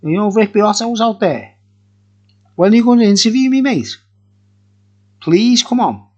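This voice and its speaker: A man's voice: high-pitched, animated, a little slow, darkish tone, highs cut off. A man, reviewing beer in a rambling, jokey, profane casual chat. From England.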